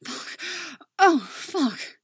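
A woman reading the lines of a breathless young woman lover, gasping and breathy. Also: high voice, very animated, slow, no echo, studio quality, voice pushed up, exaggerated voice.

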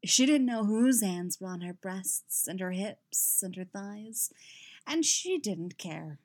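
A woman narrating a story in an unhurried, even reading voice. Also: mid-range voice. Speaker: audiobook reader. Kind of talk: fan fiction narration.

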